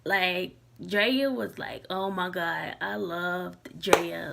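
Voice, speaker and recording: A woman's voice: lowish voice, fairly even intonation, extremely slow, gravelly, very noisy. A young woman talking casually to her camera, loose and candid, with many likes and restarts. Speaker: vlogger.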